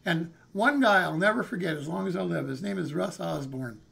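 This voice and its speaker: Folksy guy in his 60s, gravelly bright voice, rambling story time on stream. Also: high-pitched, brisk. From California, USA. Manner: folksy, rambling, calls listeners "man" and "hey". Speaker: live streamer. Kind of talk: casual storytelling.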